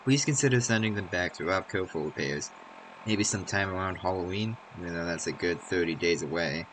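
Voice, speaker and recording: A deep-voiced man playing through a video game, dryly reading in-game notes aloud. Loud traffic noise sits behind him in the recording. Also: brisk, rough recording. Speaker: gaming channel host. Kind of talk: let's play commentary.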